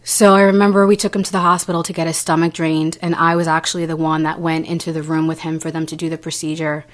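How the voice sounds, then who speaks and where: A young adult woman telling a personal story as an interview guest, earnest and halting, with frequent restarts and fillers. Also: deep voice, level tone.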